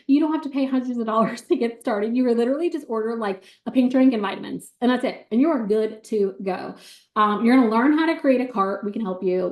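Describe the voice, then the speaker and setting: An excited woman rattles through a sales pitch on a video call, bubbly and quick, with plenty of ums. Her voice sits a little high. The sound is echoey, as if she is in a bare room. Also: muffled recording. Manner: bubbly and excited, fast-talking with many ums.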